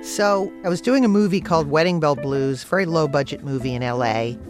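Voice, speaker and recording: Animated woman telling a personal story. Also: a little fast, over music. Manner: animated, pitch leaps up for emphasis, laughs through lines. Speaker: actor telling an anecdote.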